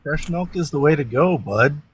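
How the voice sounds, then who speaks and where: A man's voice: on the high side, animated, moderate pace. A man calling into a livestream chat, teasing and matter-of-fact. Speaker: caller. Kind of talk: casual livestream debate chat. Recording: distant mic with faint background noise.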